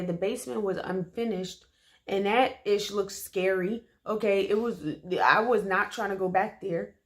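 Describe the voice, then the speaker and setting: A woman from Philadelphia, USA, shares a personal story to camera as a storytime vlogger, relaxed and chatty. She speaks emphatically with plenty of slang and often checks in with quick "okay?" asides. Her voice sits at an ordinary middle pitch for a woman.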